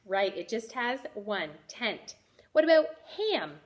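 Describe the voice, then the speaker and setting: A woman teacher giving a first-grade reading lesson, sounding out letters clearly and praising the children. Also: on the high side, big pitch swings, slow, slight background noise. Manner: encouraging.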